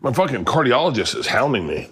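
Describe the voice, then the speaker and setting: A man in his fifties hosting a podcast, telling a funny story in a casual, animated way, often laughing and acting out other people's lines. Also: fast, breathy edge. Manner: animated storyteller, acts out quotes with big pitch jumps, laughs often. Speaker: podcast host.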